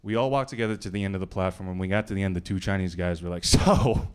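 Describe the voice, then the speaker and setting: A male stand-up comedian from New York doing a club set in a conversational, deadpan style with bursts of acted voices. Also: deep voice, rapid-fire. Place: comedy club stage before a live audience. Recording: live club recording with audience noise.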